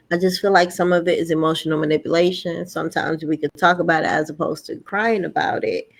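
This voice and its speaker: Animated middle-aged woman telling stories. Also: lowish voice, gravelly. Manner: animated storytelling, acting out family dialogue. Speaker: podcast host. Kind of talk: casual conversation.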